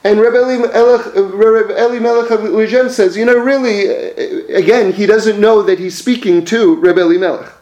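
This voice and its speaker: A man's voice: sits high, steady tone, moderate pace, hardly any pauses, a little mellow, roomy sound, dull audio. A man telling religious teaching stories in a conversational way, with frequent fillers and self-corrections. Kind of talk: storytelling religious lesson.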